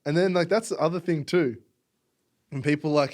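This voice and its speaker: This music publication founder, a young man from Melbourne, Australia, is a podcast guest in a relaxed conversation. He laughs often, overuses "like" and rambles, speaking at a moderate pace in a slightly high voice.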